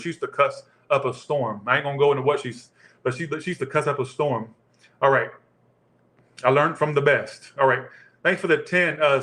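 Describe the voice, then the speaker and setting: A man's voice: medium pitch, pushed and bright. Crude, joking man with roomy echo. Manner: crude, joking, profane banter. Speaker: tarot reader. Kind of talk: live tarot reading chat.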